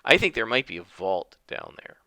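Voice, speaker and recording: A man's voice: lowish voice, very animated, moderate pace, gravelly, sharp tone, dry recording, heavily acted. A man voicing a friendly, graceful male scout pilot, chatty and eager with hesitant fillers.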